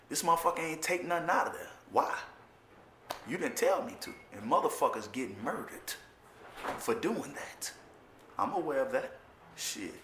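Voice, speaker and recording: Blunt, profane man with a bright voice. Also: mid-range voice, roomy sound, slight background noise. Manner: blunt street talk, heavy profanity, repeats for emphasis. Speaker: former prisoner telling his story. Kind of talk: personal storytelling to camera.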